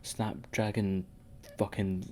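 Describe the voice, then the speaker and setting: Male podcast co-host, low mellow tone, sweary rambling banter. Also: level tone, slow pace, slight background noise. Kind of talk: casual wrestling podcast chat.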